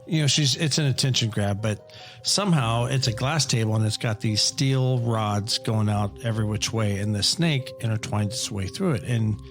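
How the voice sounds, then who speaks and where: A man's voice: lowish voice, normal speed, soft background music. A middle-aged man, a father on a family podcast, telling rambling stories casually with plenty of swearing. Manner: profane, rambling, animated storyteller. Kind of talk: casual storytelling.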